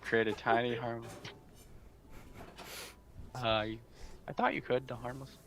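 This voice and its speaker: A man's voice: medium pitch, level tone, a little slow, fairly bright tone, slight background noise. A man playing a tabletop game, eager and stumbling over his words, laughing often. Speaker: player. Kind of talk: casual chat in a tabletop game.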